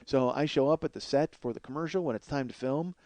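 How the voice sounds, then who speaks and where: A man telling a comic story as a podcast host, in a profane, excitable way and laughing through the story. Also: medium pitch, fast talker, dry recording.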